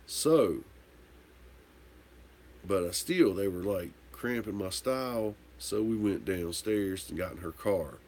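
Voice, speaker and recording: A man's voice: low voice, slow pace, darkish tone, a little hiss or hum. A man hosting a casual livestream, tipsy from drinking, telling a rambling, candid story and swearing casually. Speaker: livestream host answering viewer comments.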